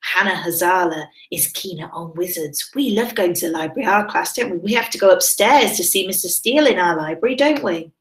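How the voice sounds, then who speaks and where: A woman teacher, reading a picture book aloud to children in a sing-song, expressive way and asking them questions. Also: lowish voice, a little fast, hardly any pauses. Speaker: primary school teacher. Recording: roomy echo.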